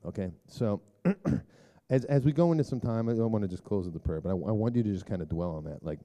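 A man preaching a casual sermon, telling a story in a loose, conversational way with lots of fillers and throat clearing. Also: on the low side, expressive, brisk, dark tone.

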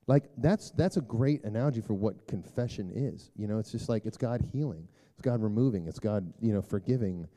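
A man preaching a casual sermon, telling a story in a loose, conversational way with lots of fillers and throat clearing. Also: medium pitch, brisk, dark tone.

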